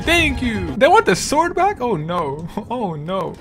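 A man giving excited gameplay commentary, laughing often and yelping and pleading loudly as things happen. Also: high-pitched, slow, over music. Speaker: gaming streamer.

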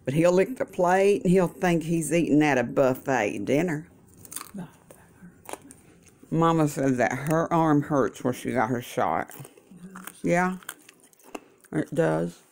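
Speaking slowly with frequent pauses, the woman has a low pitch and a darkish tone, and a little hiss or hum is audible. She's a vlogger who cares for her mother, chatting in a homey, folksy style at the breakfast table in her kitchen, with some religious asides.

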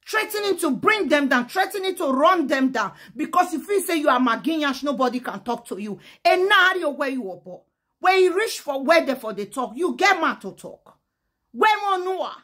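High-voiced Nigerian woman ranting. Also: sing-song, moderate pace, a bit bright. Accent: Nigerian Pidgin. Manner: emphatic, fiery, switching between Pidgin and English. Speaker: social media commentator. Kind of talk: vlog rant in Nigerian Pidgin.

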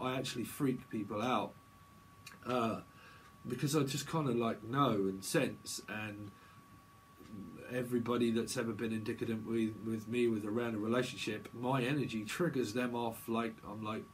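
A man's voice: mid-range voice, moderate pace, slight background noise. A man giving a casual tarot reading, talking in a playful, rambling way and slipping into silly voices. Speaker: tarot reader.

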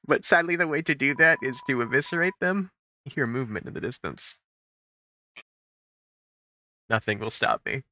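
A man's voice: medium pitch, big pitch swings, fairly quick, creaky, pushed and bright. A man streaming a video game live, chatting and joking as he reads game text aloud. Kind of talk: live gameplay commentary. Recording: game music behind the voice.

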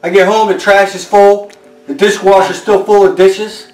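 Middle-aged dad, weary and scolding, picked up from across an echoey room. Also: male voice, high voice, flat delivery, normal speed, far from the mic. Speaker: father. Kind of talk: scolding his kids at home. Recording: roomy, off-mic on a phone camera.

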